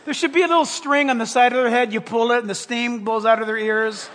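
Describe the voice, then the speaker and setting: A man preaching a sermon, animated and playful, acting out little scenes and dropping into whispers for effect. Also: very high voice, quick pace, slight background noise. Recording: hall reverb, from a distance.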